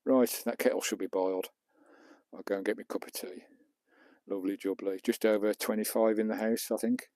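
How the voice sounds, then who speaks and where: Chatty Englishman with a mellow voice. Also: lowish voice, steady tone, brisk, dry recording. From England. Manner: chatty, swears casually, talks to viewers as he works. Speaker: vlogger. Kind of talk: casual live-stream chat. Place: outdoors on a beach and in his camper van. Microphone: small clip-on mic, distance varying.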